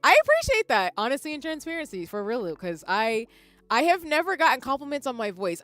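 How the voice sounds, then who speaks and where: A woman's voice: fairly high pitch, sharp tone, dry recording. A woman streamer chatting casually with viewers, rambling and laughing often as she reads the chat aloud. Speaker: live streamer.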